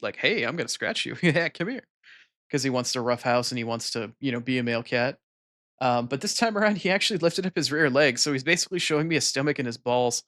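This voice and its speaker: A man streaming a video game, chatting casually into a desk microphone and cooing softly to his cat. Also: mid-range voice. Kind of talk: casual live-stream chat.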